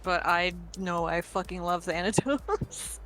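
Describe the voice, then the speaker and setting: Slow-talking bright woman chatting. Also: lowish voice. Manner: laughing, swearing, playful. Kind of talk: casual chat while drawing.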